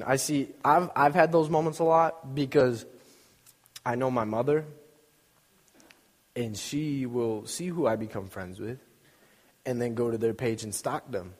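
Speaking at a measured pace with frequent pauses, a young preacher delivers an informal sermon in a mid-range voice. He's chatty and jokes around, acting out little scenes within his stories, all under long hall reverb.

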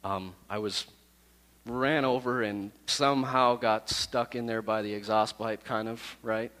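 A man who is a youth pastor, telling a personal story to his youth group in a lively, self-deprecating way. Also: fairly low pitch, unhurried, in a large hall.

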